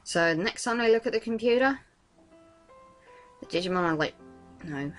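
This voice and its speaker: Lively sarcastic woman commenting on a game. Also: medium pitch, normal speed, soft background music. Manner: sarcastic, swears freely, laughs often. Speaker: let's play commentator.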